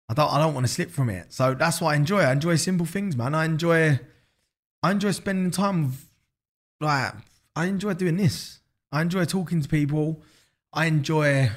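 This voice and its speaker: Essex bloke in his thirties, podcast guest, lively and sweary, slightly higher voice, repeats himself. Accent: Essex English. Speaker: podcast guest, business founder. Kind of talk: casual interview chat.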